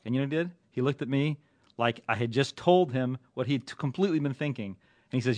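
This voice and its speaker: A man hosting a casual podcast. He tells anecdotes in a chatty, animated way. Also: mid-range voice, quick pace, dry recording. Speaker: podcast host and TV critic.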